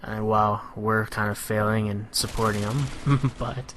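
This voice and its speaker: A man giving a relaxed, analytical voice-over on his own competitive match, filling pauses with "you know". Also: fairly low pitch, slight background noise. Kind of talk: gameplay commentary voice-over.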